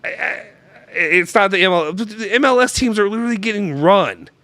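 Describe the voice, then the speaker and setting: A man's voice: high-pitched, expressive, fairly quick, sharp tone, dry recording. A young man hosting a casual live-streamed chat, loose and joking, rambling with restarts into a close mic. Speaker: show host.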